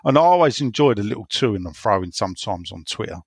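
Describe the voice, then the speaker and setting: Creaky-voiced blunt podcast host. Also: male voice, lowish voice, expressive, brisk, dry recording, studio quality. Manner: blunt, bantering, swears freely. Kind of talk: casual chat.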